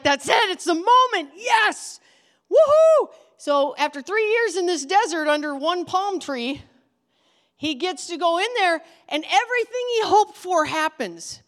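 A woman preaching a sermon as a lively story, acting out the characters' lines with big jumps in loudness. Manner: animated, acts out characters' lines with big swings in pitch and volume.

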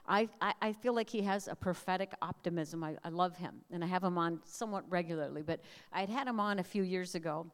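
A woman's voice: lowish voice, clear, resonant tone. Earnest woman preaching in a reverberant hall. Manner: earnest, prayerful, measured cadence with emphatic repeated lists. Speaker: speaker at a family camp, radio host. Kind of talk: sermon with personal testimony. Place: large hall.

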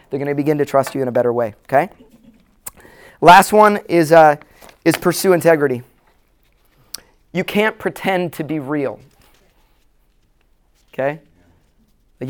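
A man's voice: a little high, smooth. A man speaking as a pastor to a room of church leaders, earnest and plain-spoken, repeating key lines for emphasis. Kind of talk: conference talk to church leaders. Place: room with a live audience.

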